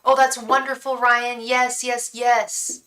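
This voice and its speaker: A woman's voice: on the high side, flat delivery, slow, pushed and bright, roomy sound, low-quality recording. A young woman from the Bay Area hosting a live tarot stream, chatting casually, venting about her day and chanting a repeated invocation to spirit guides. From San Francisco Bay Area.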